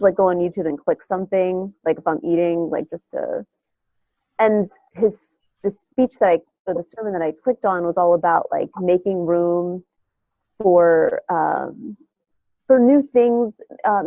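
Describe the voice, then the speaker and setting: A woman's voice: lowish voice, dry recording. A woman with a nasal voice that sounds like she has a cold, chatting in a loose, rambling way. Her speech comes through a tinny, phone-like line, and the sound is dry and close. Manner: rambling, full of fillers and restarts. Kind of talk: casual chat.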